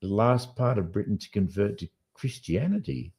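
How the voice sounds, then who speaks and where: Aussie guy hosting a podcast, lowish voice, chatty and jokey, kinda rambly. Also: expressive, moderate pace, vocal fry, breathy edge. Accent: Australian. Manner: rambling, jokey, thinks out loud. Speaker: podcast host. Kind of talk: casual late-night podcast chat.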